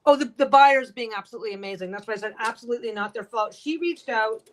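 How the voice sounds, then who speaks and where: A woman with a slightly high-pitched voice, chatting off the cuff to her stream as she works at her sewing machine at home. She speaks bluntly, rambles, and swears freely. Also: fast, low-quality recording. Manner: swears a lot, blunt and talkative. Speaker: quilter and livestream host. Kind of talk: casual livestream chat while sewing.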